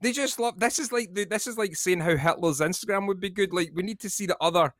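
Rambling, sweary co-host. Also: male voice, high voice, quick pace, fairly bright tone, dry recording, clean studio sound. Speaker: podcast co-host. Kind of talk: casual podcast chat.

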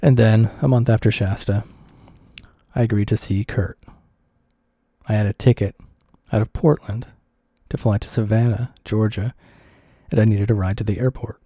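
Dark-voiced man reading a somber memoir. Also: on the low side, fairly even intonation, normal speed, dry recording, studio quality. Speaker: audiobook reader. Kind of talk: first-person memoir narration.

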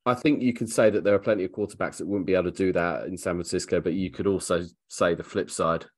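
A man with a fairly low voice talks football in a casual podcast chat. He teases the others with dry, deadpan humor. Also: quick pace. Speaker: podcast co-host.

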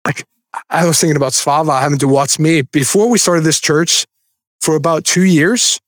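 High-voiced man preaching casually. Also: moderate pace, dry recording, clean studio sound. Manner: conversational, self-deprecating asides with light laughs. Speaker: pastor. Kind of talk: sermon.

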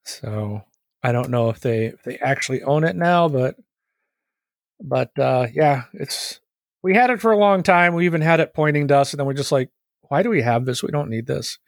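A man's voice: on the high side, expressive, normal speed, gravelly, no room sound. A man hosting a fan-run gaming podcast with an easy, teasing manner and frequent laughter. His voice sits a little above the usual male range. The recording is dry and close, with no room sound around it. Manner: laughs often, chatty and teasing. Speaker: podcast co-host. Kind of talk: casual podcast chat.

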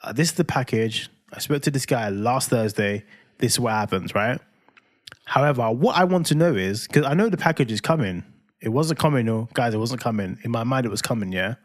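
A man, co-hosting a podcast, telling a lively story and repeating himself when he gets worked up. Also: mid-range voice, brisk. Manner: animated, acts out both sides of phone calls. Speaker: podcast co-host. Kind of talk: casual storytelling chat.

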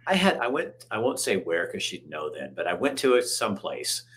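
A man hosting a casual political chat, telling stories in an animated, emphatic way. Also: lowish voice, brisk. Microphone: camera on a video call.

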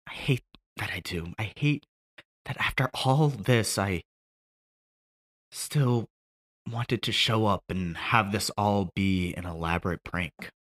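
A man reading a script aloud as a grown son grieving at his dead father's grave, moving from shouting to broken quiet. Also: fairly low pitch, pitched above the performer's own voice, exaggerated voice. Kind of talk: script read aloud as a monologue.

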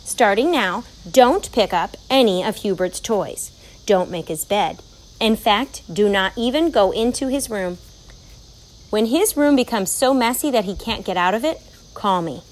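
A woman's voice: medium pitch, animated, a little slow, lightly acted, poor audio. Woman voicing a kindly knowing old lady. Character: kindly wise elderly child-expert woman.

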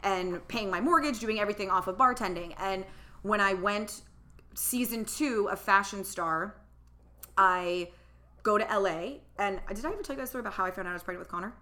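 A woman in her thirties tells a personal story as a podcast guest, her voice bright and forward. She chats casually and acts out the people she quotes. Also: medium pitch, brisk. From California.

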